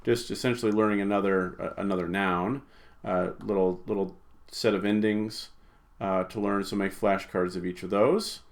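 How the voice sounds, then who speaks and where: Guy teaching greek, kinda low voice, casual, says uh a lot and restarts his sentences. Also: steady tone, normal speed. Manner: informal, hesitant, many fillers and restarts. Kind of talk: recorded language lesson.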